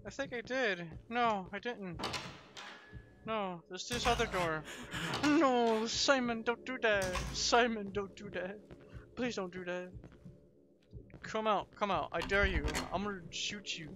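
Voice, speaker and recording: A young gaming video host plays a horror game on his home setup late at night, reacting jumpily and emotionally as he comments. He speaks at a measured pace in a high-sitting voice, captured by a dull lo-fi mic with constant background noise.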